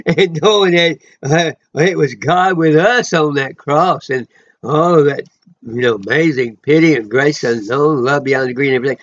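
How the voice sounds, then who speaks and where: A man's voice: fairly high pitch, normal speed. Rambling emotional preacher man, lo-fi. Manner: rambling, emotional, bursts of loud exclamations. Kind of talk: informal self-recorded sermon.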